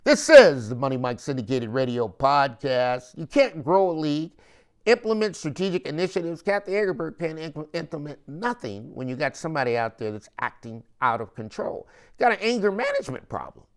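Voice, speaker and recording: A man's voice: fairly high pitch, expressive, normal speed. A man hosting a sports podcast, ranting with emphatic, repetitive rhetorical questions and slangy talk. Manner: slangy, repeats phrases for emphasis. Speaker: podcast host. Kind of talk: opinionated sports commentary monologue.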